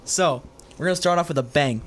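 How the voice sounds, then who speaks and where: A man's voice: fairly high pitch, fairly quick, a bit bright, a little hiss or hum. A young man hosting a casual podcast chat, running a guessing game with friends. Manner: reads out quotes as a quiz game. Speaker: podcast host.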